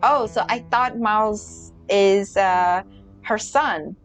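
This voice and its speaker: A woman streamer chatting casually through a story game, quick asides and restarts. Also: mid-range voice, soft background music. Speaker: let's play streamer.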